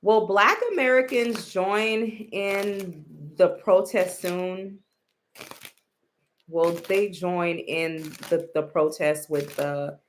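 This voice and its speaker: Slow, blunt woman commentator. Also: lowish voice, a little hiss or hum. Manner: blunt, profane, rambling. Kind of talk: casual commentary.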